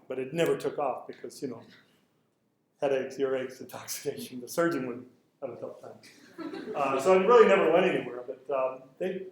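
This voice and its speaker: A middle-aged man giving a conference lecture, telling lively anecdotes and acting out the quoted exchanges. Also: medium pitch. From Canada. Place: lecture hall. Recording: very echoey hall with faint noise.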